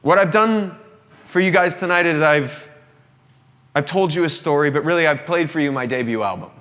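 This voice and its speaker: Man in his thirties, singer-songwriter, earnest and reflective, slightly high voice, long live-room reverb. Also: moderate pace, fairly bright tone. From Southern United States. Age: 30s. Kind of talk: confessional monologue to a live audience. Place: indoor company showroom with an audience.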